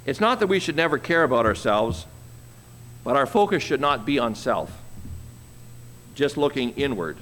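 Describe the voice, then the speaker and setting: A man preaching a sermon, reading scripture slowly and commenting on it with an easy chuckle. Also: medium pitch, expressive, a bit bright, in a large hall, slight background noise. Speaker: pastor.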